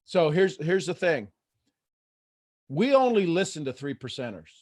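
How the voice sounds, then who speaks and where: A man with a high-pitched voice coaches a live call. He is animated and acts out inner voices as he talks. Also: unhurried. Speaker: host and motivational coach.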